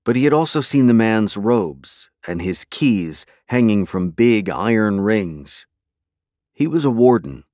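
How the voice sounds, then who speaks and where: A man narrates a story in a measured, dramatic way, his voice on the lower side. The recording is dry and close, with no room sound. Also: sing-song, a little mellow, no room sound. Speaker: audiobook narrator. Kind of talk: scripted narration.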